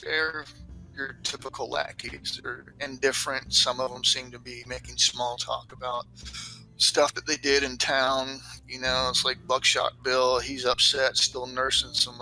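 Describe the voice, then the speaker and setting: Game master, man, very bright tone, easygoing rambling narration. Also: mid-range voice, creaky, low-quality recording. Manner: relaxed rambling narration with fillers.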